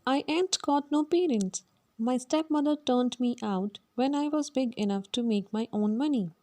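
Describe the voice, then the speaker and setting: Woman voicing a cheeky Cockney flower girl, high, loud, warm tone, read-aloud play. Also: normal speed, natural voice. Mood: plain.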